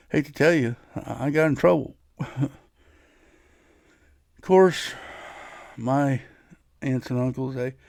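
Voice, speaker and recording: A man's voice: mid-range voice, a little mellow, no room sound, clean studio sound. A man hosting his own podcast, telling a personal story in a casual, rambling way, often restarting his sentences. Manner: rambling, frequent restarts and laughs. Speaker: podcast host.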